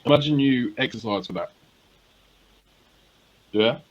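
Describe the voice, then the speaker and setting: A man's voice: mid-range voice, measured pace, highs cut off, a little hiss or hum. A man co-hosting a casual podcast chat, teasing and joking and swearing freely. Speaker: podcast co-host.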